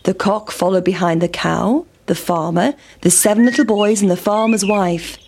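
A woman reading a children's story aloud in a clear, measured voice. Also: mid-range voice, fairly even intonation, a little mellow, a little hiss or hum.

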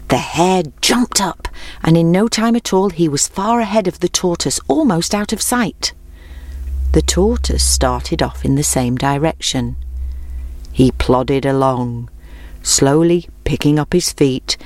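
Woman reading a kids story, gentle and measured, lowish voice, dry close mic. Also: no room sound. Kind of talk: children's storybook narration.

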